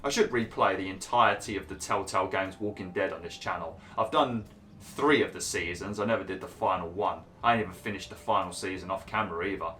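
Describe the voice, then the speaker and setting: A man's voice: low voice, quick pace, pushed and bright, slight background noise. A man giving casual gameplay commentary in a cheeky, blunt, chatty way. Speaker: gaming video host.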